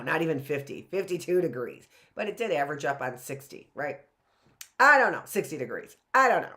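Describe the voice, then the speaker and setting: A woman's voice: fairly low pitch, a bit bright. A middle-aged woman teacher talking casually and rambling to her class in a video lesson. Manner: rambling and chatty, talking to students.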